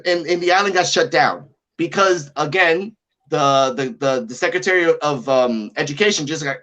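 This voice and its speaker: A man's voice: fairly high pitch, a bit bright. A man from Puerto Rico, co-hosting a podcast remotely, ranting with profanity in casual chat. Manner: profane, ranting, rapid-fire. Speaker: podcast co-host.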